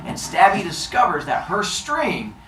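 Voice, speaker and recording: A man's voice: high-pitched, wildly swooping pitch, a little slow, a bit bright, recorded from a distance, slight background noise. Playful male teacher in an echoey classroom. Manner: playful, acts out scenes with sound effects. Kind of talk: classroom storytelling.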